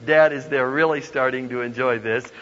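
Bright-voiced man preaching in a hall. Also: mid-range voice, normal speed. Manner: animated, laughs often, acts out quoted voices. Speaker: guest preacher. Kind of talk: humorous storytelling sermon. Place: large hall with an audience. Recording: dull lo-fi sound with long hall reverb.

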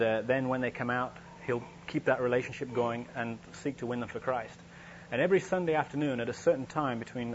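A preacher with a medium-pitched, middle-register voice tells a story during a relaxed, chatty sermon, often starting sentences over. Underneath, the lo-fi, dull recording has a faint hum and some noise.

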